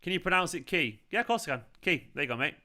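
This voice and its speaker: Mancunian male stream host, bright clear tone, loose and chatty with his viewers. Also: a little high, big pitch swings, racing. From England. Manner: chatty, rambling, reads out chat comments. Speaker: fan channel host. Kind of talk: casual live watchalong chat. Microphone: earphones with mic.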